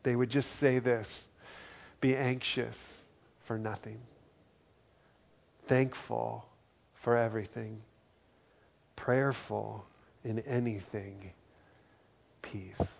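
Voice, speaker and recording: Pastor guy giving a sermon, earnest, goes quiet on the verses, kinda dull lo-fi sound. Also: medium pitch, fairly even intonation, extremely slow, gravelly, pauses often. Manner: earnest, drops to soft quiet tones for quoted words.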